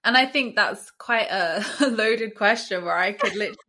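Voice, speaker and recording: A young woman from the UK, a guest on a podcast, talking in a chatty, animated way and often quoting her own thoughts aloud. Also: mid-range voice, normal speed, a little hiss or hum. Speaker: podcast guest, law of attraction coach. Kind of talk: casual podcast interview.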